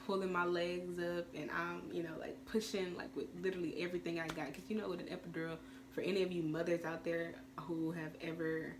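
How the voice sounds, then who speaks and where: A woman's voice: fairly low pitch, flat delivery, a little fast. A teenage woman telling a storytime vlog in a chatty, rambling way, full of fillers. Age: teens. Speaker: vlogger. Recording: clear background noise.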